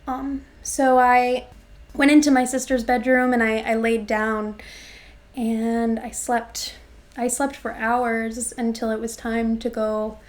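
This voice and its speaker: A young woman in her twenties from Florida, USA, tells a personal story in an interview with a fairly high voice. She speaks reflectively and haltingly, pausing on fillers and restarting sentences as she thinks.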